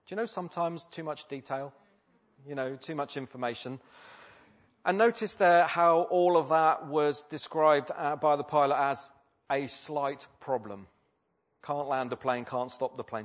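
A man's voice: fairly high pitch, measured pace. A man preaching a sermon in a conversational way, with many fillers and rhetorical questions. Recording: slightly dull lo-fi recording.

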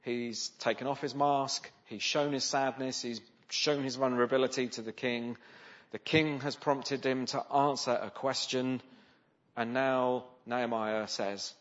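A man's voice: medium pitch, fairly even intonation, normal speed. A man preaching a sermon in a conversational way, often asking the listeners rhetorical questions. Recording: slightly dull, lo-fi sound.

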